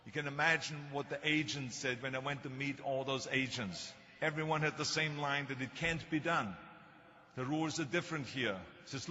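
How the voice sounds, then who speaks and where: A man's voice: mid-range voice, normal speed, pushed and bright. Older man, thick Austrian German accent. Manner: storytelling with humor. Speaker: speaker. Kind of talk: motivational speech. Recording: muffled hall recording.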